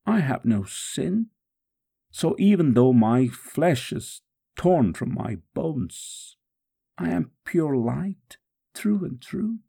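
A man's voice: medium pitch, gravelly, dark tone, husky, exaggerated voice. A man reading aloud in the first person as a suffering man praying steadfastly through a scourging, in a solemn, prayerful way. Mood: anguished. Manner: solemn, prayerful, slow and measured.

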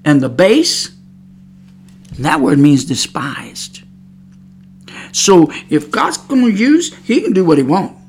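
A woman's voice: on the low side, very animated, slow, long pauses, a little mellow. A woman preaching on a podcast, emphatic and scolding, repeating her points. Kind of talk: preaching monologue.

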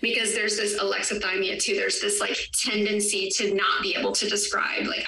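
A woman hosting a podcast, speaking earnestly and haltingly with many fillers as a parent. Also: mid-range voice, steady tone, creaky, sharp tone. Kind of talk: personal reflective conversation. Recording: distant echoey room, faint background noise.

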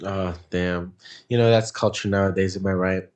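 A man's voice: deep voice, fairly even intonation, moderate pace, a little mellow. A man guesting on a podcast, chatting casually and throwing in teasing, slangy quips. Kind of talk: casual chat.

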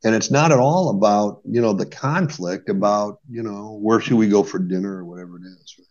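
A middle-aged man speaks as a marriage therapist on a podcast, earnest and explanatory, tagging his points with quick checks to the listener. His voice sits on the lower side. The recording is dull and lo-fi. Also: a little mellow. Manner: earnest, explains with examples, many "right?" tags. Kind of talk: conversational podcast advice.

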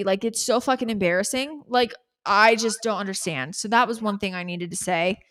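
A woman's voice: on the high side, normal speed, few pauses, sharp tone. A young woman co-hosting a podcast, chatting casually and candidly, swearing freely and peppering her talk with "like". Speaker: podcast co-host. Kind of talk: casual recap chat.

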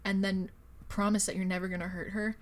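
A woman's voice: medium pitch, flat delivery, brisk. A young woman co-hosting a podcast, making sarcastic, joking remarks about a book in casual chat. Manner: wry, sarcastic commentary with dry jokes. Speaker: podcast co-host.

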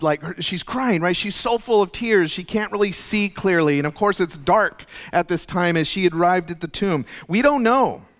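A male pastor giving an earnest, conversational sermon, going soft and low when quoting figures, recorded in a church. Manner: earnest, conversational preaching, drops soft and low for quoted lines. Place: church sanctuary. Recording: long reverb of a church hall.

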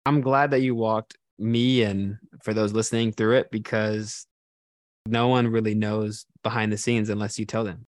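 A man hosting a podcast interview, asking relaxed follow-up questions one after another. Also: on the low side, moderate pace, dry recording, studio quality. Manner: relaxed, asks several questions in a row. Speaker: podcast host.

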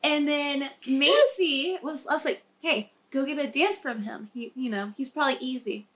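High-voiced woman telling blunt stories. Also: normal speed. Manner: profane storytelling, animated. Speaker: podcast co-host. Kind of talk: casual chat.

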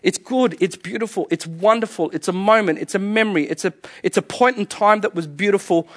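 A man in his forties delivers a sermon in a high, light voice. He is animated and humorous, playing out little dialogues with himself. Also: brisk, few pauses. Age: 40s. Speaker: pastor.

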